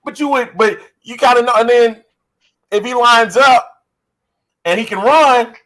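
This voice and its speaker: A man co-hosting a casual sports podcast, rambling excitedly as he spins out ideas. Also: very high-pitched, unhurried. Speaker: podcast co-host.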